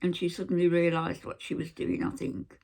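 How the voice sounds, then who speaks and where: A woman telling a personal story to camera in an aggrieved way, pausing often and acting out what others said. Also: on the low side, completely flat delivery, vocal fry, a little mellow. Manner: aggrieved retelling, acting out others' lines, frequent hesitations. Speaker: vlogger.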